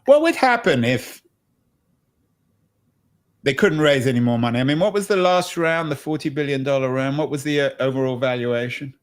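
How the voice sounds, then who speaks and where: Male interview host, wry and joking, mid-pitched, halting restarts. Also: clean tone. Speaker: podcast host. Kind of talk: conversational interview.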